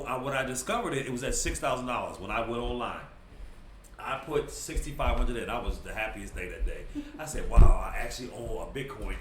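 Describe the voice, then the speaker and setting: A podcast guest with a mid-range voice tells a story in casual talk, acting out what people said and laughing as he goes. The mic is roomy and slightly distant, with faint ambience and slight background noise.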